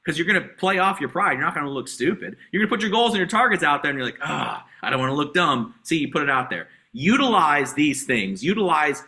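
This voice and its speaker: A man coaching a sales team on a video call, talking in an energetic, hyped way with lots of repeated exhortations. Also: on the high side, quick pace, hardly any pauses. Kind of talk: motivational sales training talk.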